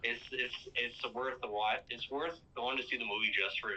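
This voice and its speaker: A man with a sharp, steady mid-range voice hosts a casual movie recap podcast at a moderate pace, rambling and padding pauses with um and uh. The sound is lo-fi and muffled.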